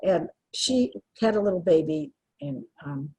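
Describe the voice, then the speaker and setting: A woman's voice: lowish voice, animated, unhurried, darkish tone, breathy edge, rough recording. An older woman speaking earnestly and from the heart as an interview guest, with frequent restarts. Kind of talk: emotional personal interview.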